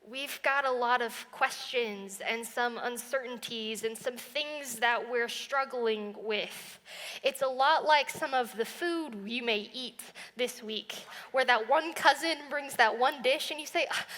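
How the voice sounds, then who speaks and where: A young woman preaches to a congregation in a relaxed, conversational way. Her voice sits a little high and sounds bright. The church hall gives it a long, ringing reverb. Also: measured pace. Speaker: college minister. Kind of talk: sermon. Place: church sanctuary.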